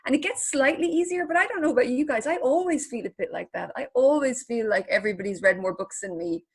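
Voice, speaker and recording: An Irish woman chatting on a writers' panel, her voice a little high and breathy. She tells stories against herself with candid, self-mocking humour over a video call. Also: lively intonation, fast. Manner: candid, self-deprecating storytelling. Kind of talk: casual panel chat.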